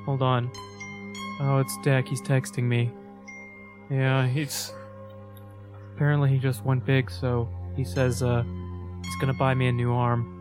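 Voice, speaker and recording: A man voicing Max, a nervous and emotional young man in a tabletop game, talking haltingly. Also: medium pitch, little pitch movement, lightly acted. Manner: halting, hesitant. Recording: background music.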